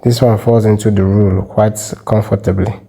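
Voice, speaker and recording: A man teaching French spelling rules, explaining step by step and repeating example words slowly. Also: on the low side, level tone, gravelly, mellow, rough recording. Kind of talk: explanatory lesson.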